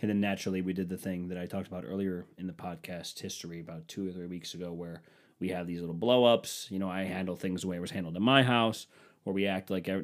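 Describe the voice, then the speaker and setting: A young man hosting a podcast, telling stories casually, swearing often and getting heated when he retells arguments. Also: low-pitched. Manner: profane, animated ranting when retelling arguments. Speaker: podcast host. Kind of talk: casual storytelling.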